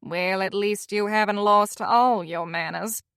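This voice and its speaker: A woman voicing a prim, disapproving elderly great-aunt with a gravelly voice and a thick Southern accent. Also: medium pitch, steady tone, measured pace, a bit bright, no echo, studio quality. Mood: haughty.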